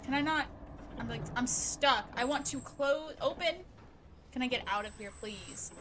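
A woman commenting as she plays a horror game, jumpy and talking to the screen, with bursts of nervous laughter and shouting. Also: high-pitched, moderate pace, background noise. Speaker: gameplay commentator. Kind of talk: let's play commentary.

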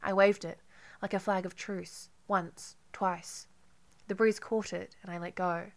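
A woman narrating an audiobook in an intimate, measured first-person reading. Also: medium pitch, fairly even intonation.

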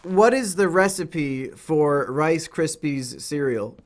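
A young man with a high-pitched voice hosts a casual gaming chat. His banter is crude, teasing and full of profanity. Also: lively intonation, slow pace. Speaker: podcast host.

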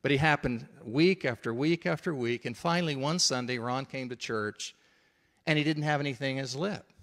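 A man's voice: mid-range voice, normal speed, fairly bright tone. A middle-aged man preaching a sermon, telling a story in a conversational way and checking in with his listeners.

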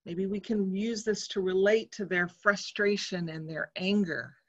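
A woman preacher giving a sermon in a church, speaking in a measured, reflective way. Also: mid-range voice, fairly even intonation, fairly bright tone, muffled recording.

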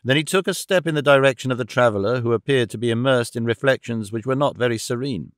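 A man narrating a classic novel audiobook in an even, steady storytelling manner. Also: mid-range voice, fast talker, no room sound, clean studio sound.

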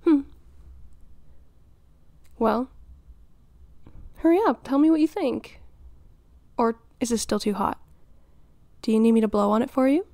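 A woman voicing a doting, flirty middle-aged mother in an audio role-play, nurturing and teasing with giggles and flustered pauses. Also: on the high side, creaky, warm tone, dry recording.

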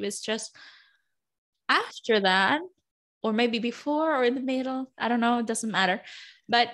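A woman's voice: mid-range voice, fairly bright tone. A woman co-hosting a casual talk show, speaking in a thoughtful, reassuring way. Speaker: podcast co-host. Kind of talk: casual chat about manifestation.

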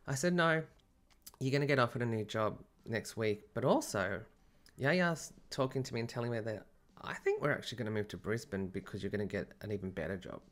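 A man's voice: on the low side, fast, fairly bright tone. A man telling a personal story in a casual, chatty podcast monologue, often breaking into laughter. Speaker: medium and podcast host.

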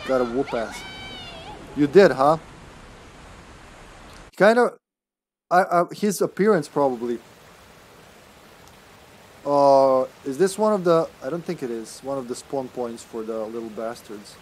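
A man's voice: medium pitch, unhurried, pauses often, darkish tone, slight background noise. A man streaming a horror game live, commenting casually, often stammering, swearing and laughing.

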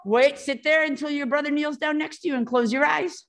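A woman's voice: high voice, fairly even intonation, fairly quick. Woman leading a kids' karate class. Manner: calls commands and counts in Japanese; encouraging, gently firm with children. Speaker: karate instructor.

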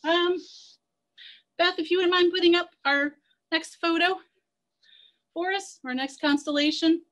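A woman zoo educator runs an online class for children, playful and energetic as she tells a myth and gets the kids running and chanting along. Her voice is extremely high-pitched, and she speaks at a measured pace.

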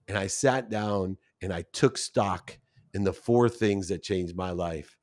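A man's voice: sits low, takes it slowly, a little mellow. A man in his fifties, a podcast guest, telling a personal story with feeling and acting out the people he quotes. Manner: emotional, acts out quoted voices.

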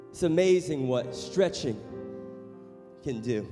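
A man preaching a sermon as pastor in a church, passionate, moving between loud exhortation and quiet storytelling. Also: fairly high pitch, normal speed. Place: church sanctuary. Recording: long hall reverb with music behind.

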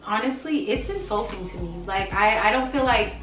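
A woman's voice: medium pitch, expressive, moderate pace, a bit bright, recorded from a distance. A woman, a mother and vlogger, chatting casually and playfully with her young daughter, saying "like" a lot. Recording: roomy sound from off the mic, music playing.

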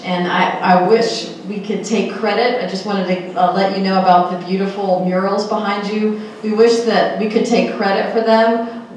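A woman organizing the event speaks politely, now and then pausing on a filler. She is some distance from the mic in a very echoey room, with faint noise behind her. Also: mid-range voice. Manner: polite, slightly hesitant. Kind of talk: remarks at a conference. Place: large conference room.

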